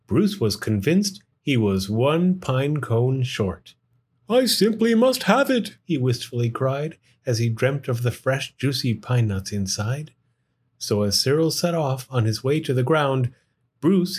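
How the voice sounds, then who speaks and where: Husky man reading a rhyming storybook. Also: mid-range voice. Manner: sing-song, expressive rhyming delivery. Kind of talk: storybook read-aloud in rhyme.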